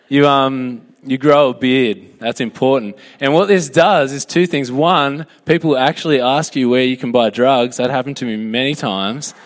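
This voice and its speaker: A young man with an Australian accent preaches in a relaxed, joking way, chatting with his listeners and polling the room. His mid-pitched voice carries a long reverb, as if it fills a large hall. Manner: joking, chatty, asks for a show of hands. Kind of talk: casual sermon to a youth group.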